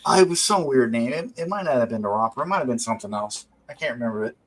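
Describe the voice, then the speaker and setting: A man's voice: mid-range voice, fast, low-quality recording. A man hosting a drawing stream, telling a rambling story with casual swearing. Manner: rambling, profane, animated. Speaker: stream host.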